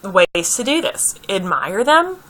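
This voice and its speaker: A woman's voice: medium pitch, big pitch swings, slow pace, pushed and bright, rough recording. A woman giving a conversational lecture on early childhood, repeating key points and checking in with her listeners.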